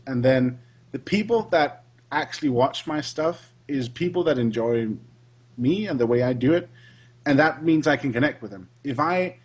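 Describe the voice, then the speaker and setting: A man's voice: mid-range voice, breathy edge. A man hosting a casual podcast chat, agreeable, often chiming in with short replies.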